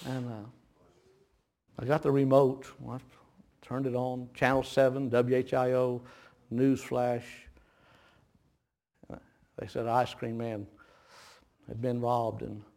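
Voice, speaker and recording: A man preaching a sermon, telling a folksy story with laughter that turns hushed and grave, with audible gasps between phrases. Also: mid-range voice, flat delivery, slow, pauses often. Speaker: pastor.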